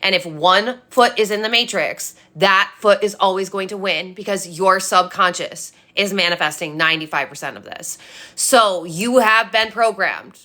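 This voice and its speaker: A woman's voice: medium pitch, moderate pace, pushed and bright. A young woman coaching on manifestation, talking bluntly and emphatically, swearing freely and repeating her points. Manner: preachy, repetitive. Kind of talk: motivational monologue.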